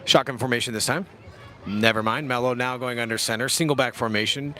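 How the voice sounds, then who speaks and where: A man's voice: medium pitch, fairly quick, noisy background. A young man casually calling a youth football game outdoors, jokey and slangy, poking fun at himself. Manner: laid-back, jokey, slangy, self-deprecating. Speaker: play-by-play commentator.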